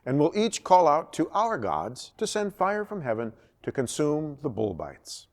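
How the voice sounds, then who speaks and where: A bold biblical prophet with a commanding, taunting voice, as a man reads his words aloud. His pitch rises and falls a great deal as he challenges and mocks. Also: wildly swooping pitch, unhurried, full character voice. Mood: challenging.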